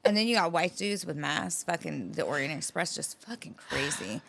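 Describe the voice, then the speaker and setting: Gravelly, low-voiced woman podcaster. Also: sing-song, normal speed, fairly bright tone, dry recording. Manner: profane, rambling storyteller. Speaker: podcast co-host. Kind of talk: casual chat.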